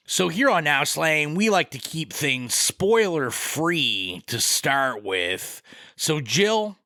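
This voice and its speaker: A man hosting a horror podcast, talking in a bright, clear voice. He chats casually and jokes at his own expense. The sound is dry and close to the mic. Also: fairly high pitch, very animated, takes it slowly, no echo. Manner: chatty, self-deprecating, jokey. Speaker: podcast host.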